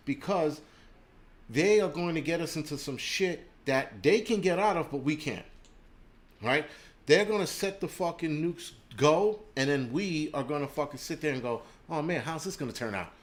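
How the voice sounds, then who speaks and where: Angry profane man ranting on a livestream. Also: a little high. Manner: reads viewer names and donations aloud. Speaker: livestream host.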